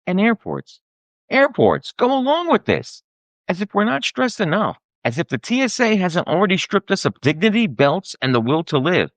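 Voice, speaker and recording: Wildly animated ranting man. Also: high voice, moderate pace, dry recording. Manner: exasperated, sarcastic and profane ranting. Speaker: podcast host. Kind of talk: comedic rant.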